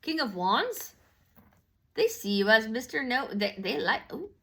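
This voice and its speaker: A woman's voice: fairly high pitch, sing-song, measured pace, gravelly, bright, forceful tone. A woman giving a casual tarot reading, slangy and profane, rambling with lots of fillers and restarts. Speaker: tarot reader.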